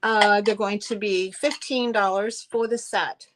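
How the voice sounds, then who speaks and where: Slow, gushing woman hosting a live sale. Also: medium pitch, fairly even intonation. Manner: chatty and effusive, many fillers. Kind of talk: live-stream selling chat.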